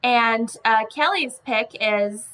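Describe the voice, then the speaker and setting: A woman's voice: on the high side, takes it slowly, poor audio. A young woman co-hosting a podcast in casual, giggly chat. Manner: giggly, animated storytelling. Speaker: podcast co-host.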